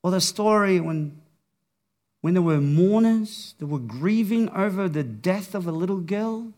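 A man preaching a sermon, with a slow, dramatic delivery that swings from hushed to raised. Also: high-pitched.

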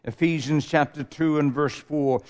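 A man with an or lilt preaches in a sermon, his voice a touch high for a man. He takes his time, swelling on the words he wants to stress and then sinking to a hush at the end of a phrase. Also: steady tone, measured pace. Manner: emphatic, swelling on key words then dropping low.

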